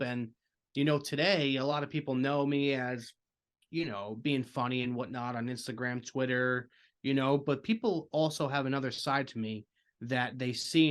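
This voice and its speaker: A man speaking earnestly as a podcast guest in casual chat, leaning on filler phrases. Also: mid-range voice.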